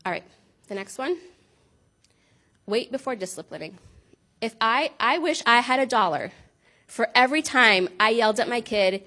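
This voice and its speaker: A woman's voice: a little high, animated, moderate pace, pauses often, pushed and bright. A woman giving an informal talk to parents about handling anger, speaking conversationally and often checking in with her listeners. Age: adult with a child. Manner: conversational, frequent "right?" check-ins, laughs at herself.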